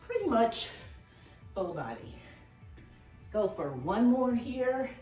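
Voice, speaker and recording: A woman's voice: mid-range voice, a little mellow. Breathless fitness coach woman over music. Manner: encouraging, counts reps and cues form while exercising. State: slightly out of breath. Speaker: fitness instructor. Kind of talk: workout instruction. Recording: roomy, from a distance, with faint music.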